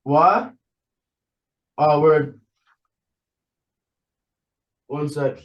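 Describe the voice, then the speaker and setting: A young man with a Long Island accent, a guest in a casual podcast chat, relaxed and chatty, leaning on "like" a lot. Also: a little high, very slow, dull audio. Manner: relaxed, chatty, uses lots of "like". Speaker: guest, college wrestler.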